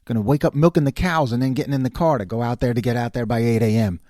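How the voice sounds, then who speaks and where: A man in his fifties hosting his own casual talk show, rambling and self-mocking as he jumps from quiet muttering to loud exclaiming. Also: mid-range voice, fast, no echo, clean studio sound. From New York. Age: 50s. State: slight voice cracks. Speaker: host.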